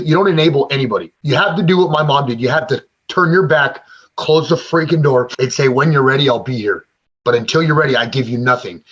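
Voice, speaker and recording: A man's voice: a little high, a bit bright, slightly rough. A man in his forties, interviewed, telling his own story in a blunt, emotional way and cursing often. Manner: raw, blunt and emotional, with frequent profanity. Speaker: interviewee, former gang member in recovery. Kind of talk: candid personal storytelling. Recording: slightly dull lo-fi sound.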